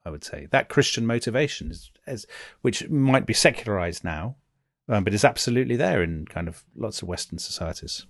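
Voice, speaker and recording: A man co-hosting a history conversation, reading verse aloud with amusement and often trailing off quietly. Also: on the low side, animated, fairly quick, gravelly, no room sound, clean studio sound. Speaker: podcast co-host.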